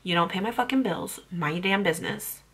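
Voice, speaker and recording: Husky young mom vlogger ranting, blunt and sweary, fired up. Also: female voice, lowish voice, brisk, a bit bright. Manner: blunt, profane, heated. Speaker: parenting vlogger. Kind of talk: blunt vlog rant.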